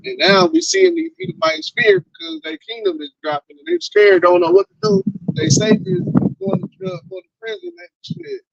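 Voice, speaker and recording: A man's voice: extremely high pitch, expressive, moderate pace, creaky, dry recording. A man in a casual group discussion, speaking emphatically and quoting scripture. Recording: dull lo-fi sound.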